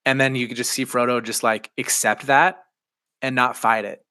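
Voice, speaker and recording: A man in his thirties co-hosts a casual podcast. His voice is bright, and he talks with enthusiastic, animated energy. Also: medium pitch, normal speed, smooth, no echo. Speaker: podcast co-host.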